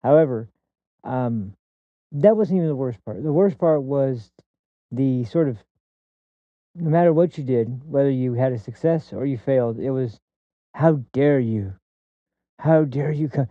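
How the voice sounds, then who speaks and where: A man's voice: medium pitch, normal speed, long pauses, no room sound, phone-quality sound. A man hosting a podcast, delivering a blunt, crude political commentary monologue that rambles with many restarts. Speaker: podcast host.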